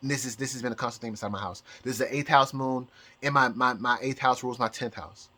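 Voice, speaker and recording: A man's voice: mid-range voice, fairly even intonation, fast talker, pushed and bright. A man vlogging from home in a rambling casual monologue, stumbling over repeated words and restarting sentences. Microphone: camera mic, showing objects.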